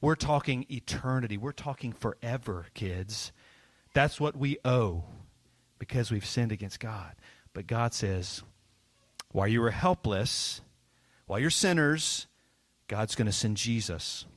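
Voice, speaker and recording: A man giving a children's sermon as a pastor, lively and playful, often asking the kids questions. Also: mid-range voice, a little slow, no room sound.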